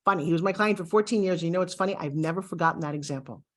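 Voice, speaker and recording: A woman from the United States teaching an online lesson straight to the viewer, lively and coaching, often acting out little exchanges. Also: lowish voice, very fast. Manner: animated, acts out little quoted exchanges. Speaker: course instructor. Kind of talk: direct-to-camera online lesson.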